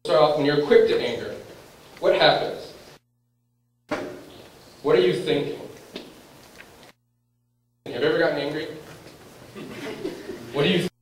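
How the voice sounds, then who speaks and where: In a lecture room, a man quizzes his audience and acts out the thoughts running through someone's head. His fairly high voice is steady and a little slow, broken by long pauses. The room is very echoey, his voice is far from the mic, and there is faint background noise.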